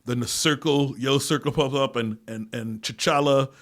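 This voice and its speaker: A man hosting his own podcast alone, rambling and swearing, laughing often and losing his words, swinging between loud bursts and quiet mutters. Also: mid-range voice, steady tone, moderate pace. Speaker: podcast host. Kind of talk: casual solo monologue.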